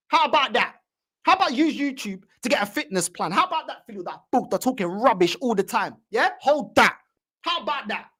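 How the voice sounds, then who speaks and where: High, lively woman ranting. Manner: mocking, heated, repetitive. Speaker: fan channel host. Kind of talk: ranting reaction commentary.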